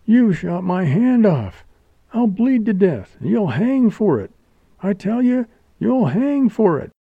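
A man's voice: sing-song, slow pace, vocal fry, no room sound, phone-quality sound, exaggerated voice. Man voicing a furious wounded young woman. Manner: shrill, furious scolding. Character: angry wounded young woman, fierce and bitter.

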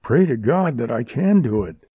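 A man's voice: medium pitch, lively intonation, moderate pace, breathy edge, dry recording. A man reading an audiobook, voicing a frightened, cowardly young man among outlaws. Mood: panicky. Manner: anxious, pleading. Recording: dull lo-fi recording.

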